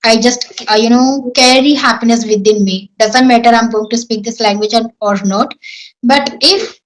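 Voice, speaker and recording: A woman's voice: a little high, normal speed, rough recording. A woman with an Indian accent answering questions in casual English practice, earnest and self-assured. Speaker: English-learning YouTuber.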